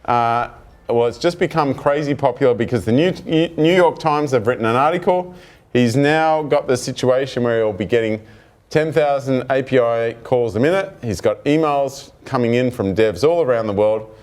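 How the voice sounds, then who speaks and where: Guy doing a lively dev talk, storytelling, acts out the dialogue. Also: medium pitch, moderate pace. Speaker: presenter. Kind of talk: technical talk to an audience.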